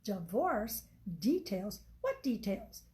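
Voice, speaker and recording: A woman's voice: mid-range voice, sing-song, slow pace. A woman reading the part of a betrayed wife who pleads and accuses. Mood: hurt. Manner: pleading, rising to sharp.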